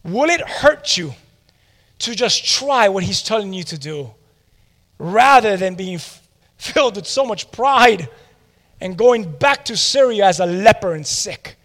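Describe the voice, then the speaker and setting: A man's voice: high-pitched, animated, measured pace, fairly bright tone, in a large hall, full character voice. A man in a sermon voicing a loyal servant who speaks frankly to persuade his master. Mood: pleading.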